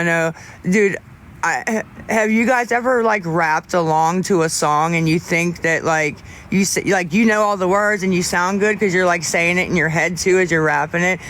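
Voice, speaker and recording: Brief: man, fairly high voice, halting candid livestream chatter, faint background noise. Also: a bit bright. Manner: rambling and halting, lots of restarts, candid. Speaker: livestreamer talking to viewers. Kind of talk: casual livestream chat.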